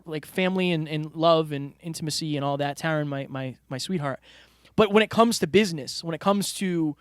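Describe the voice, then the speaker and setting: High-voiced man reflecting on a podcast. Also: dry recording, studio quality. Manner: earnest, reflective, talks to listeners directly. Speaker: podcast co-host. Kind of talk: casual podcast chat. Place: studio room with a whiteboard.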